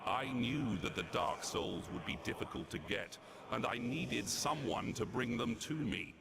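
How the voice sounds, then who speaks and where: A gravelly demon villain. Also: male voice, medium pitch, lively intonation, background noise. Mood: gloating. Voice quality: gravelly, creaky. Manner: slow, theatrical, sneering. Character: sinister ancient demon villain, gloating and mocking.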